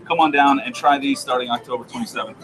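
A man's voice: mid-range voice, fairly even intonation, quick pace, a crowd in the background, poor audio. A man hosting a TV segment in a casual, playful, joking way. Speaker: TV show host. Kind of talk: casual chat.

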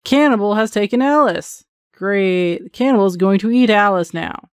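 A woman's voice: mid-range voice, normal speed, clean tone, no room sound, clean studio sound. A woman giving live commentary on a horror game she is playing, chatty and self-mocking, with jumpy exclamations and a running stream of thoughts. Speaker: gaming channel host.

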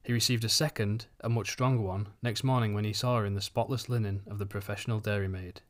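A man narrating a short story for an audiobook in an even, unhurried reading. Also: fairly low pitch. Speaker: audiobook reader.

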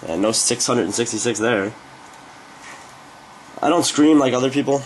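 A man's voice: medium pitch, moderate pace, slight background noise. A young man giving casual, rambling gameplay commentary, speaking offhand with frequent fillers. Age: young adult. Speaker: gaming commentator.

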